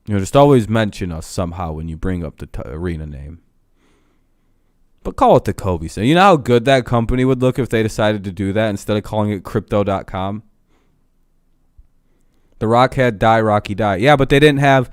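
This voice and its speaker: A man's voice: on the low side, lively intonation, normal speed, no echo, studio quality. A young man ranting casually to his live-stream chat, swearing a lot, laughing often and getting heated.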